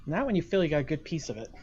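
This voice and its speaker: A man's voice: fairly high pitch, a little mellow, highs cut off, slight background noise. A man running a tabletop game as game master, explaining rules and results with hedges and fillers.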